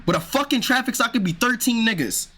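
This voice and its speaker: A man's voice: very high voice, lively intonation, quick pace, pushed and bright. A man streaming, reacting to a video with exasperated casual commentary, swearing and saying "bro" a lot.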